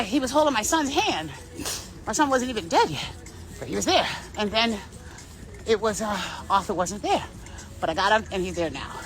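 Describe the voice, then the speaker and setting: A high-voiced woman talks straight to her viewers in a long, rambling monologue, swearing freely as she goes. Her pitch leaps and swoops wildly from line to line. Faint vehicle noise hums behind her. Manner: profane, intense and animated, with sudden shifts. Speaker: vlogger.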